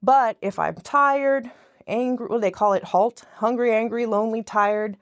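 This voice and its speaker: With a voice a little on the high side and a moderate pace, a woman guest chats casually on a podcast. Her talk is rambling and self-interrupting, with frequent restarts mid-sentence.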